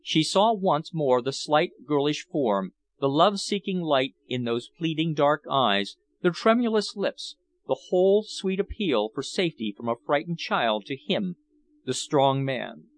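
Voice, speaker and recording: A man's voice: fairly high pitch, unhurried. A man reading a novel aloud as an audiobook narrator. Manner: expressive storytelling. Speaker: audiobook reader. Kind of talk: scripted narration.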